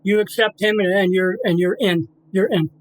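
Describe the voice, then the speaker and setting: A man's voice: high voice, steady tone, normal speed, low-quality recording. A middle-aged man telling an emotional personal story as an interview guest, earnest and repetitive, acting out voices. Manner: earnest, repeats himself, acts out voices in his story.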